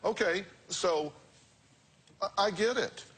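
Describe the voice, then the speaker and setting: A man's voice: high voice, slow pace, a bit bright, husky. A man hosting a talk show, giving blunt, direct advice to guests in a lecturing way.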